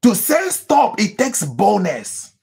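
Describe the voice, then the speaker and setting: A pastor preaches in emphatic bursts and repeats himself. His voice sits high and leaps all over, with a husky, gravelly edge. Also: wildly swooping pitch, slow pace, a little mellow. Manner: emphatic preaching with repetitions and sudden high exclamations; mimics people praying in tongues. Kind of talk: sermon.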